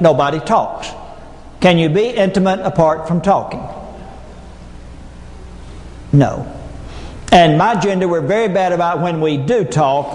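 A man's voice: on the high side, darkish tone. Folksy man speaking in an echoey hall. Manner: folksy storytelling with punchlines. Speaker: motivational speaker. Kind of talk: humorous keynote speech. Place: large hall before an audience. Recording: echoey hall with long reverb.

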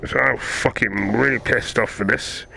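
A man's voice: medium pitch, steady tone, moderate pace, creaky, pushed and bright, husky. A man playing a video game, ranting and swearing constantly in frustration. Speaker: gamer. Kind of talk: frustrated gaming commentary.

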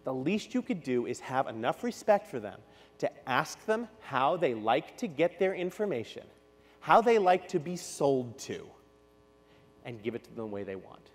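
A man from New York giving a conference keynote talk, telling stories with quick asides and acting out what people said. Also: medium pitch, breathy edge. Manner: animated, storytelling with quick asides and acted-out quotes. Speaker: keynote speaker. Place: large hall. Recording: long hall reverb.

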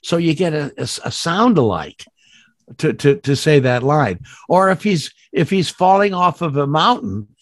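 An older man, a voice actor, chatting in an interview and telling rambling stories with many restarts and sudden jumps up in pitch. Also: animated, moderate pace, no echo, studio quality. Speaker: guest voice actor. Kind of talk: casual interview chat.

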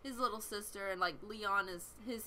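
A woman's voice: mid-range voice, moderate pace, sharp tone, slight background noise. A woman hosting a video game let's play, chatting casually and giggling as she reads the game's dialogue aloud. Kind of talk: casual gameplay commentary.

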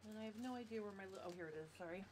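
A woman's voice: mid-range voice, very fast, a little mellow, slight background noise. A woman giving a live-streamed sewing tutorial at a desk microphone, chatty and explaining step by step. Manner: chatty, apologetic about audio trouble. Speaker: sewing instructor.

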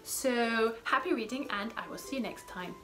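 A woman's voice: a little high, normal speed, rough recording. A woman in her thirties, a children's book blogger, chatting casually about favourite rhyming books and reading bits aloud with playful emphasis, with music playing over her voice.

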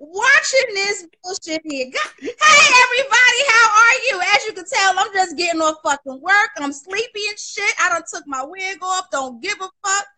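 A woman on a phone call, excited but sleepy after work, cursing heavily in casual chat. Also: very high-pitched, normal speed.

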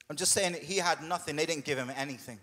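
A man preaching a sermon as a pastor, conversational and humorous, putting on quick voices for the people in his story. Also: fairly high pitch, fairly bright tone, in a large hall. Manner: conversational and humorous, with quoted asides. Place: church hall.

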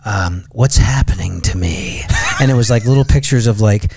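A man's voice: on the low side, normal speed, creaky, darkish tone, slight background noise. A man hosting a podcast, chatting casually and teasing his guests. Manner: jokey, teasing. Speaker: podcast host. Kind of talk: casual chat.

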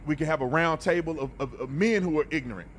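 Blunt, animated man giving reaction commentary. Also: fairly high pitch, fast, slight background noise. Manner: blunt, animated, preachy, repeats words. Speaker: reaction video host.

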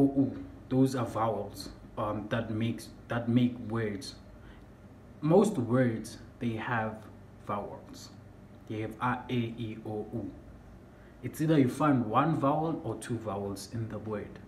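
A young man explains word sounds in a casual lesson, often pausing and repeating himself. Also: medium pitch. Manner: halting, repeats himself, searches for words. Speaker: language teacher. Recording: echoey room with faint background hum.

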